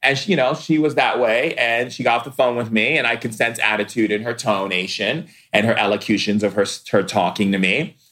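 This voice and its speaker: A man giving a spiritual talk, preaching slowly and emphatically, drawing out his words and acting out the voices of people he quotes. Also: medium pitch, steady tone, a bit bright. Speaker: spiritual teacher.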